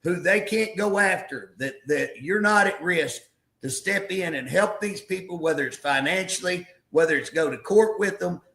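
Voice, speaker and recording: Fiery folksy man, gravelly. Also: sits high, normal speed, fairly bright tone, roomy sound. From southeast Oklahoma. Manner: fiery, folksy, preacher-like rallying. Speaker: state representative guest. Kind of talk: impassioned political talk show interview.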